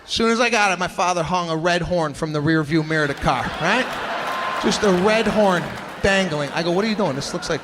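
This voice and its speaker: A male stand-up comedian telling stories in an animated, exasperated way, slipping into acted-out voices. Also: high-pitched, brisk, background noise. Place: large theater with a live audience. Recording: live hall recording with crowd laughter.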